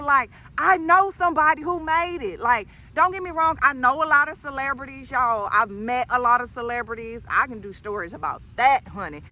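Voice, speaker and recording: A woman vlogger telling a personal story in a casual, animated, blunt way, swearing freely. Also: high-pitched, slight background noise.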